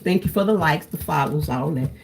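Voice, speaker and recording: A woman's voice: low-pitched, brisk, vocal fry, slight background noise. A woman, chatting casually to her viewers while she cooks, calling them "y'all". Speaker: cooking vlogger. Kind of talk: casual cooking vlog chat.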